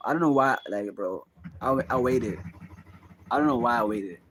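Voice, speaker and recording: A man's voice: medium pitch, moderate pace, fairly bright tone, slight background noise. A young man vlogging in a casual confessional monologue, rambling and musing, with constant fillers. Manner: rambling, musing, full of "like" and "bro".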